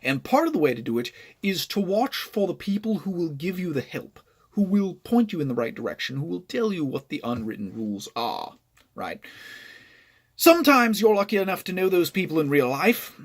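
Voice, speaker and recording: Lively, higher-voiced male gamer vlogger. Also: normal speed, slightly rough. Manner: explanatory, keeps checking in with "right?". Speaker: gaming vlogger. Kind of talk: storytime vlog.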